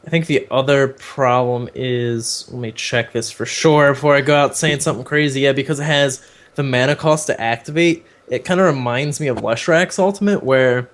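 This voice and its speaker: A man co-hosting a casual gaming podcast, thinking aloud and pausing with fillers as he searches for names. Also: medium pitch. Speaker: podcast co-host.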